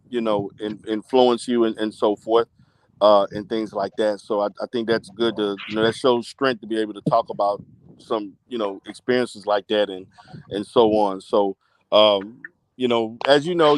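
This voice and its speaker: A man's voice: medium pitch, no echo, low-quality recording. A man speaking as a guest creator on a live stream, hesitant and rambling with fillers. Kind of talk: casual live stream chat.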